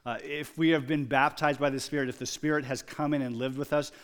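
A man preaching a sermon, moving from quiet, reflective storytelling to loud, emphatic exclamations. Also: medium pitch, level tone, brisk. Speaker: pastor.

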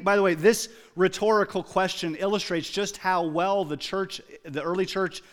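Pastor, male, slightly high voice, sermon delivery that swings between hushed reflection and emphatic shouts. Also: animated, moderate pace, few pauses. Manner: swings from quiet reflection to loud emphatic exclamations.

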